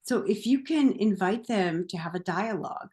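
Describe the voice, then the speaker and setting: A woman's voice: mid-range voice, normal speed. A woman who works as a therapist and coach, speaking straight to the viewer in a chatty motivational talk, laughing often and leaning on "like" as she goes. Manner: chatty, animated, laughs often, uses "like" a lot. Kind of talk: casual motivational talk to camera.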